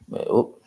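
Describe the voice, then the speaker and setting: A man's voice: warm tone, low-quality recording. A man chatting casually on a live stream about his ventriloquist act, rambling and hesitant with many fillers and restarts, chuckling often between thoughts.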